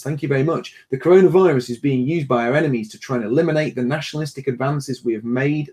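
Brief: male host, mid-pitched, chatty and self-deprecating, runs a casual panel chat and reads viewer notes. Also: warm tone, slightly rough. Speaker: podcast host reading viewer donations.

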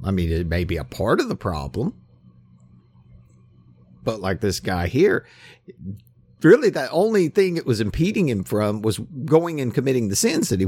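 A man preaching a conversational sermon, emphatic, with quick acted-out asides. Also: lowish voice. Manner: conversational, emphatic, acts out scenes.

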